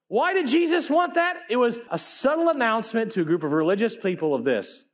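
A man preaching a sermon in a casual, animated way, full of slang, swinging between loud emphatic bursts and quiet low asides. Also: brisk.

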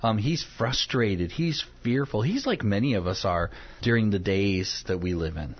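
A man co-hosting a Christian talk show, teaching on a Bible passage in an earnest, searching way, with fillers and slow readings of scripture. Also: lowish voice, expressive, slightly rough. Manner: earnest, hesitant with fillers, reads scripture aloud slowly. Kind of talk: devotional Bible teaching in conversation. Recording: dull lo-fi sound.

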